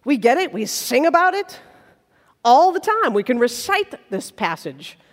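A woman preacher with a high, lively voice that swoops through a wide range as she retells a parable with playful, animated storytelling. Her voice rings through a large hall with a long reverb tail. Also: measured pace. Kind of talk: sermon.

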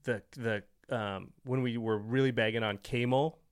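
Man, podcast co-host, casual chat, animated, emphatic, laughs a lot. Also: mid-range voice, moderate pace, clear, resonant tone.

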